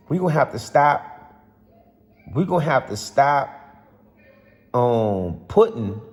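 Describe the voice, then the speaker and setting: A man's voice: medium pitch, a little mellow. Passionate rambling man in an echoey hall. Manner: passionate, rambling, repeats himself. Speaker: vlogger. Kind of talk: casual football rant to camera. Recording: long hall reverb.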